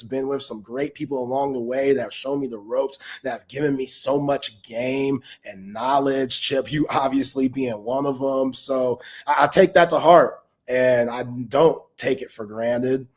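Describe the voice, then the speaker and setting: Barely pausing, a man with a mid-range voice keeps a steady tone and measured pace as he hosts a laid-back sports talk livestream. He's heartfelt and loose, wandering from point to point in heavy street slang.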